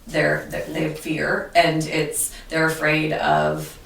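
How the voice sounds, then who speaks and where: Low-voiced woman teacher, echoey and distant. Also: slow, gravelly, a little hiss or hum. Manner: earnest, animated storytelling with restarts. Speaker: teacher, interview guest. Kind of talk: conversational interview. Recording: echoey room, distant mic.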